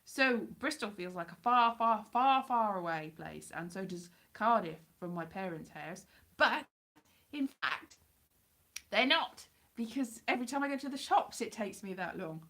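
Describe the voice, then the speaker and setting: A woman's voice: mid-range voice, animated, a little slow, pushed and bright. A woman from Wales with a Welsh accent blurred by years in England, chatting in a rambling, self-deprecating way on a live stream. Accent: Welsh mixed with English Midlands. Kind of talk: rambling casual chat.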